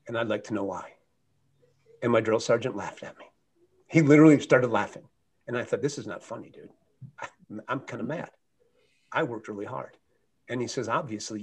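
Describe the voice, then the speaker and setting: A middle-aged man from the United States speaks as a motivational guest, his voice husky and mid-pitched. He tells his story earnestly, with lively swings in loudness. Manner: earnest, animated anecdote with shifting loudness.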